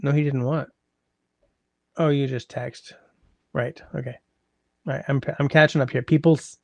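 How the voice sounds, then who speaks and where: A man hosting a casual livestream from a close mic, chatty and rambling with wry asides to his viewers. His voice is gravelly at a middle pitch, and the sound is dry and close. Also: steady tone, measured pace, long pauses, darkish tone, no echo, muffled recording. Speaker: livestream host reading chat.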